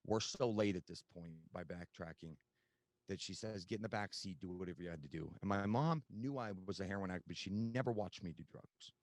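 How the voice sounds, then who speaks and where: A man's voice: low voice, fairly quick, no echo. A man telling his recovery story as a podcast guest, candid and conversational with frequent fillers.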